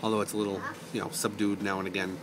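A man with a mild Boston accent reads through a word list in a relaxed, chatty way, now and then stopping to explain a word. His voice sits fairly low. A faint hiss of room noise runs underneath. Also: very fast. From north of Boston. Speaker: vlogger. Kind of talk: casual word-list reading.

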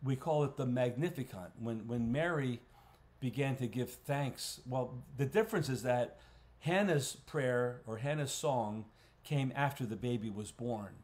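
A man, a pastor, teaching a Bible study in a conversational way, clearing his throat often and restarting phrases. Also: mid-range voice, unhurried, darkish tone. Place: church. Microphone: livestream recording.

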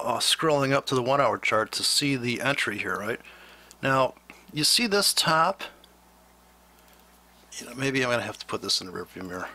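A man's voice: mid-range voice, pushed and bright. A man giving a rambling trading lesson over a chart on his screen, blunt and sarcastic as he talks. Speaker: trading instructor.

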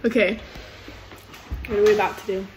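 A young woman vlogging while out on city streets, talking in a bubbly, gushing way with drawn-out exclamations. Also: medium pitch, fairly even intonation. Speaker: travel vlogger. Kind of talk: casual vlog chat. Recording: noisy outdoor street recording.

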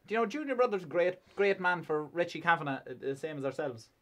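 A man's voice: on the high side, fast talker, slight background noise. A man in casual band banter, joking and spinning playful what-if scenarios.

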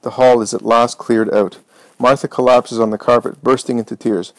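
A man narrating an audiobook in a measured, dramatic reading voice. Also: medium pitch, flat delivery, no room sound, low-quality recording. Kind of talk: scripted narration.

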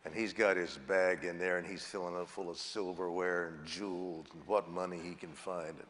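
A man's voice: sits low, steady tone, moderate pace, fairly bright tone, long reverb tail. A male pastor preaching a sermon in a jovial way, stretching out key words for emphasis. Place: church sanctuary.

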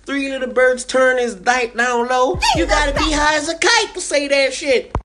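A man voicing a frantic, exasperated father who yells in a shrill voice. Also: normal speed, over loud music. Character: frantic fussy father, middle-aged man.

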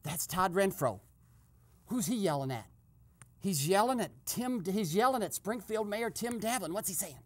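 A male host performs a comic eavesdropping skit in a high-pitched voice at normal speed. His play-by-play is hushed and gleeful, breaking into sudden excited outbursts.

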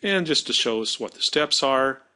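A man teaching math, talking through a screen-recorded software demonstration and correcting his slips aloud as he works. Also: mid-range voice, lively intonation, normal speed. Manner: thinking aloud while working, self-correcting.

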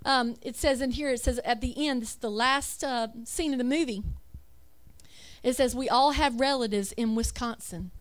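A woman's voice: a little high, normal speed. A woman giving an emphatic religious talk over slides, with rhetorical questions and self-corrections. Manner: reads lists aloud, self-correcting. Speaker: religious speaker.

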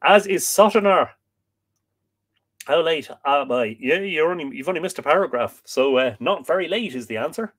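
An Irish man hosts a relaxed live stream, reading passages from an old history book aloud. He is sleepy and yawning, trips over difficult names and breaks off to greet viewers with easy jokes. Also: a little high, moderate pace. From Ireland. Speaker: livestream host reading aloud.

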